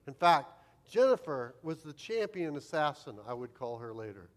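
A man's voice: a little high, sing-song, moderate pace. A man preaching as a pastor, telling a humorous, self-deprecating childhood story in a sermon.

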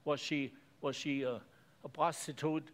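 An earnest man preaching in a fairly high voice. He speaks in plain, simple phrases and repeats words for weight. The tone is that of a sermon delivered to a congregation. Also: fairly even intonation, unhurried.

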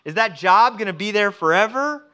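A man preaches in a church service with a high-pitched, bright, ringing voice. He talks straight to the congregation and animatedly acts out the voices of God and of people praying. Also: animated, a little fast. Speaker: pastor. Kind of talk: sermon.

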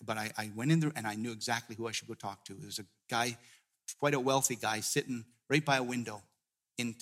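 Male guest preacher, middle-aged, mid-pitched, earnest storytelling sermon with frequent restarts. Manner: storytelling, many restarts, drops to a hushed tone in emotional moments. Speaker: guest pastor.

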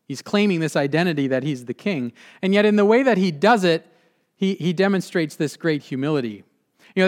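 A male pastor delivering a sermon in an earnest way, slowing for emphasis and dropping quiet at the ends of points. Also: a little high. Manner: earnest, with slowed emphatic phrasing and drops to a quiet close.

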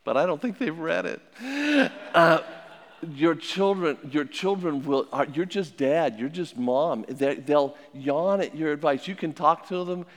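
An older man, a family counselor, giving plainspoken advice to an audience with stories and repeated maxims. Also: fairly high pitch. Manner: plainspoken and anecdotal, with many restarts and repeated maxims. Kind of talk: folksy talk with religious advice. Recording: long hall reverb.

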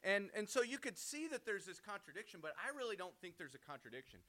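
Fast and sharp, this man's high voice swings widely in pitch while he gives a casual Bible teaching. He talks conversationally, asks "right?" again and again, and keeps restarting and repeating himself.

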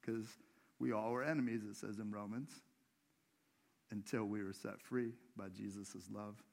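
A man's voice: fairly low pitch, steady tone, unhurried, creaky. Man preaching in a conversational way. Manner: conversational preaching, asks the congregation questions. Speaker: pastor. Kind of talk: sermon. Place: church.

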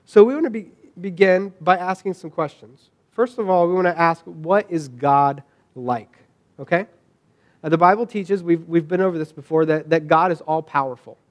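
A man's voice: a little high, moderate pace. A man preaching a sermon, talking conversationally with restarts and questions to the congregation. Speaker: pastor.

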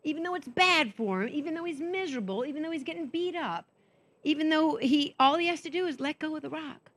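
A woman's voice: high-pitched, animated, fairly quick, a bit bright. A woman speaking at a women's conference. She tells candid, self-mocking stories and acts out the voices of the people she quotes. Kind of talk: conference talk.

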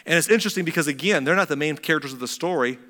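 A man's voice: on the high side, rapid-fire. Man preaching in a reverberant hall. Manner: storytelling with dramatic swings between loud and hushed. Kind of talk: sermon.

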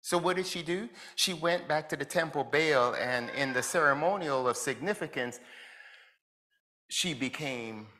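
A man's voice: a little high, a little slow, pushed and bright. A man from Jamaica, preaching a conversational sermon who asks his listeners reflective questions and chuckles between points.

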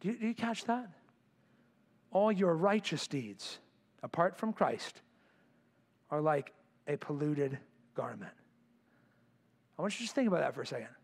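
Animated high-voiced male preacher. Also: moderate pace, pauses often, breathy edge. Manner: animated preaching, swings between loud emphatic bursts and quiet intense lines. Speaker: pastor. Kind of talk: sermon. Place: church sanctuary.

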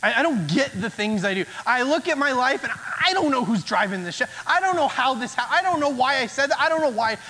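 A man's voice: very high-pitched, expressive, fairly quick, few pauses, bright, forceful tone. A male pastor giving a conversational sermon, slipping into acted-out inner voices to make his points. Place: church sanctuary. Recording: long church hall reverb.

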